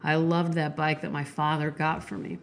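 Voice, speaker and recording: A woman with a stuffy nose reading aloud as an elderly grandfather, quiet and hushed as he recalls his childhood bike. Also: sits low, level tone, moderate pace, slight background noise. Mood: wistful.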